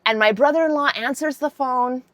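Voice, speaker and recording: Animated woman in her fifties. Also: high-pitched, moderate pace, no room sound, studio quality. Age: 50s. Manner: animated, candid, swears freely, laughs mid-story. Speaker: vlogger. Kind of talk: casual storytelling to camera.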